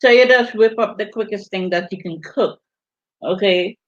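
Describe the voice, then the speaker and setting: A woman's voice: mid-range voice, normal speed. A woman with a Virgin Islands Caribbean accent, chatting casually on a live stream, reading out viewer comments with teasing laughter. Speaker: vlogger hosting a live stream. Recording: dull lo-fi audio.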